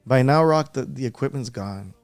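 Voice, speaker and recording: A man's voice: medium pitch, normal speed, gravelly, no room sound, faint music behind. A man as a podcast guest, talking earnestly and repeating himself as he recalls an upsetting event. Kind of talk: emotional podcast interview.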